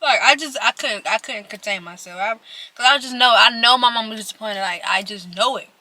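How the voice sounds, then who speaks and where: A woman's voice: fairly high pitch, brisk, dry recording. A young adult woman telling a chatty story to her viewers while eating, talking straight to the audience. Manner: chatty, animated, addresses viewers directly. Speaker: vlogger.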